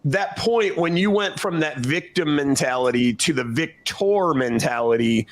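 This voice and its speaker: A man hosts an interview, effusive in his thanks and praise. He circles around his question and rephrases it more than once before landing it, in a voice pitched a little higher than most men's. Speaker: host.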